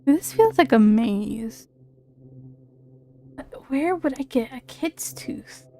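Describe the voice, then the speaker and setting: A woman's voice: high-pitched, lively intonation, slow, warm tone, soft background music. A woman streaming a video game, talking in chatty, rambling casual commentary full of fillers.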